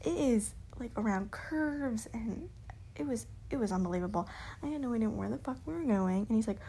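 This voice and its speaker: A woman's voice: on the high side, expressive, brisk, warm tone, slight background noise. A young woman vlogger telling a story in casual chat, swearing freely and laughing through it. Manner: profane, laughing, bubbly.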